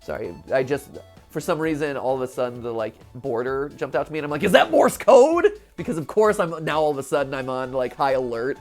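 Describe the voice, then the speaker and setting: A woman hosting a gaming show, giving excitable let's-play commentary, with lots of laughs and restarts. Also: very deep voice, fast, faint music behind.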